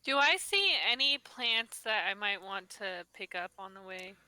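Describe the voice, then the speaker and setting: A woman's voice: medium pitch, expressive, normal speed, sharp tone, smooth, no echo, poor audio. A woman playing a tabletop game, asking the game master curious questions. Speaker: player. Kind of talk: casual game chat.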